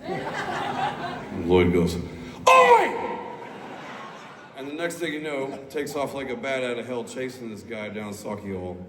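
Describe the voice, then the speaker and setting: A man's voice: medium pitch, normal speed, hardly any pauses. A man on stage telling a long, rambling, profane story between songs, laid-back and loose. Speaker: musician on stage. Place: large concert hall indoors. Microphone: stage PA recorded by audience phone. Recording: echoey hall, crowd noise, far off.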